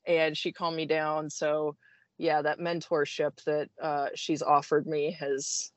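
A woman guest telling a story in a casual interview, animated and self-deprecating, stopping and restarting often. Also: low-pitched, slow, dry recording. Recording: dull, dry sound.

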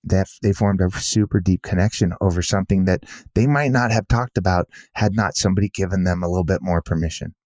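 Earnest man with a mellow low voice. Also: fast talker, few pauses, no echo, clean studio sound. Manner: earnest, repeats himself, says "you know" often. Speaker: guest author. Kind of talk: casual conversational storytelling.

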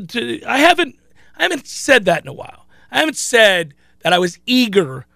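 A sports talk host, a man, riffs animatedly in a casual, rambling way and often starts sentences over. His voice sits high with a gravelly edge and a bright, forceful tone, recorded dry and close. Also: no echo. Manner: animated, chatty, frequent restarts.

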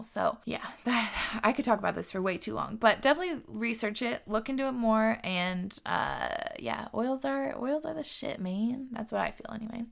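A woman hosting her show, chatting casually through viewer questions. She talks candidly and swears freely, with a gravelly vocal fry and a middling pitch. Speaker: host.

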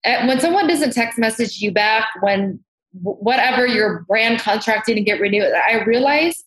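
A woman's voice: a little high, lively intonation, moderate pace, a bit bright. A woman makeup artist, a guest in a casual interview, talking candidly and animatedly and swearing freely. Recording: roomy echo.

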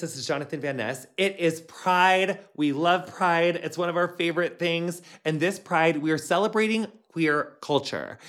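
Male podcast host, effusive and gushing, slightly high-pitched, casual chat. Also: fairly bright tone. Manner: gushing, effusive, lots of "honey" and "like".

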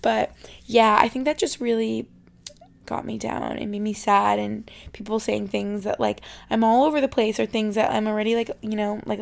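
A woman's voice: mid-range voice, vocal fry. A young adult woman hosting a podcast, chatting casually and emotionally with many "like" fillers. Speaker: podcast host. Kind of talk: casual solo podcast chat.

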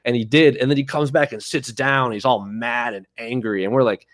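A man co-hosting a casual podcast, chatty and quick to laugh. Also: medium pitch, steady tone, no room sound, studio quality. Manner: chatty, laughs easily, some restarts. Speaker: podcast co-host. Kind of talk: casual podcast chat about MMA.

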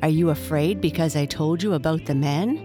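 A woman's voice: deep voice, normal speed, music in the background, close to an everyday voice. A woman voicing a friendly, curious male dog who asks lots of questions.

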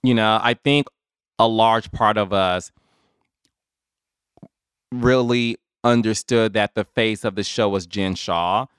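Male podcast host, conversational and animated, clear resonant voice, mid pitch, dry close sound. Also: slow, long pauses, dry recording. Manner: chatty, animated, addresses listeners as y'all. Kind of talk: casual solo commentary.

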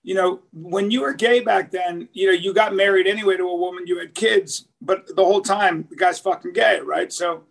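A man's voice: high-pitched, fairly even intonation, normal speed, gravelly, few pauses, fairly bright tone. A man co-hosting a comedy podcast, telling long profane stories in casual chat and acting out the quotes. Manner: profane, rambling storyteller who acts out quotes. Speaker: podcast co-host.

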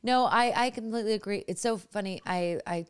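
A woman's voice: mid-range voice, a little fast, smooth. A young adult woman hosting a podcast interview, chatting casually and gushing, with frequent restarts and fillers. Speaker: podcast host.

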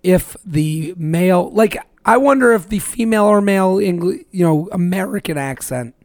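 A man's voice: high-pitched, normal speed, no echo, clean studio sound. A man with a US Northeast accent, a comedian co-hosting a podcast, riffing in casual joking banter. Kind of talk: casual chat.

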